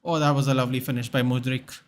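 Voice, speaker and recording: A man's voice: medium pitch, level tone, very fast, slight background noise. A young man hosting a live football watchalong stream, chatting casually, answering viewers in the chat and reading out names and match stats.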